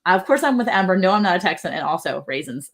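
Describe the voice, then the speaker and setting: A woman's voice: on the low side, very animated, fast talker, creaky. A woman hosting a casual ranch livestream, chatty, reading viewer comments aloud and laughing often. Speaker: livestream host. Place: ranch home.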